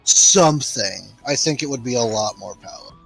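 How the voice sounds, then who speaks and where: A man's voice: medium pitch, racing, creaky, faint music behind, poor audio. A man on a voice call during a game stream, explaining game details and joking around. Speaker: co-streamer friend. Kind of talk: casual gaming chat.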